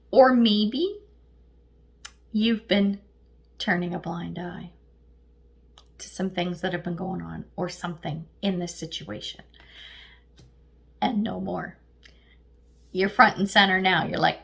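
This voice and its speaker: A middle-aged woman giving a casual, chatty tarot reading, lively and slangy, often laughing. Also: mid-range voice, normal speed, vocal fry. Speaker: tarot reader.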